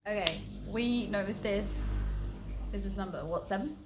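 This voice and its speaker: A woman's voice: mid-range voice, a little slow, background noise. A young English woman with an East of England accent, chatting casually and giggling as she tells travel stories. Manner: giggly, animated storytelling. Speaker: travel vlogger. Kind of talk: casual chat.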